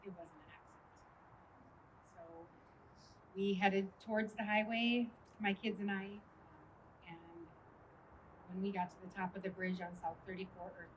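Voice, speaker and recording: A middle-aged woman gives a personal speech in a halting way, filling pauses with hesitant ums. Her voice sits in a middle range. Clear background noise runs under the recording. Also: medium pitch, fairly even intonation, far from the mic, rough recording. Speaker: widow speaking at a memorial.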